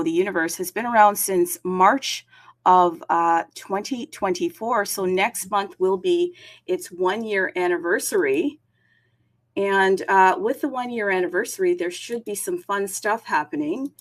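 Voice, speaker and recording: Woman, livestream host, chatty, upbeat, loose delivery with lots of fillers, mid-pitched voice. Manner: chatty, upbeat, greets viewers city by city; frequent fillers, self-aware about talking fast. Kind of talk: casual crypto livestream chat.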